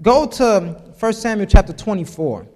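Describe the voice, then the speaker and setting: A man's voice: high voice, expressive, moderate pace, mellow, in a large hall. A man preaching a casual sermon, reading scripture aloud and adding chuckling, conversational asides.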